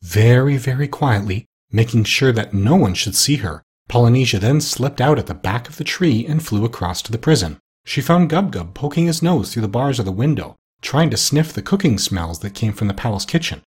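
Breathy male audiobook narrator. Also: medium pitch, moderate pace, few pauses. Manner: steady storytelling, lively shifts for characters. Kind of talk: audiobook narration of a children's novel.

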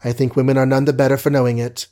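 A man reading an audiobook, voicing a proud, wounded young society woman who talks eagerly, quickly and defiantly. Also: mid-range voice, level tone, dark tone, natural voice. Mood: weary.

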